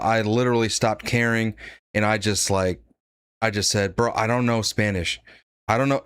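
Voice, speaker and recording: A man's voice: medium pitch, fairly bright tone, no echo. A man giving blunt, sarcastic live-stream commentary, reading out donations and laughing at his own jokes. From United States.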